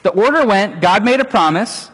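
A middle-aged male pastor preaches a sermon in an animated storytelling style, acting out little voices as he goes. His voice is high and slightly rough, with a moderate pace. The recording carries a long hall reverb.

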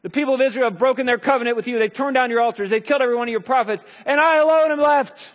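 A man voicing a self-pitying prophet who pleads in a loud, rushed complaint. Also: very high-pitched, pitched above the performer's own voice. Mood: despairing. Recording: long hall reverb.

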